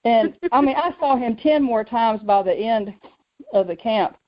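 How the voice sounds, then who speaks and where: Woman radio host, higher voice, animated storyteller, dull lo-fi audio. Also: a little slow. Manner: lively, acts out quoted voices, laughs often. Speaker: radio show host telling her story. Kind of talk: personal storytelling on faith talk radio.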